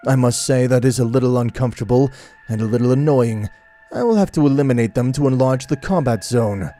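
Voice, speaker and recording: A man's voice: medium pitch, brisk, dark tone, lightly acted. A man voicing a proud, haughty god of destruction with a commanding manner.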